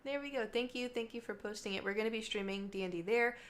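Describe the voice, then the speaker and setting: A woman's voice: fairly high pitch, fast talker, a little hiss or hum. A young adult woman livestreaming, chatting casually and rambling between topics with her viewers. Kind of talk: casual chat to stream viewers.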